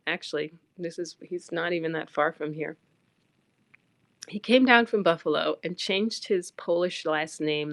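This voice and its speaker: Blunt low-voiced New woman. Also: creaky, no echo. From New York. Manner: blunt, animated, emphatic storytelling. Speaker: livestreamer. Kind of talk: casual personal storytelling.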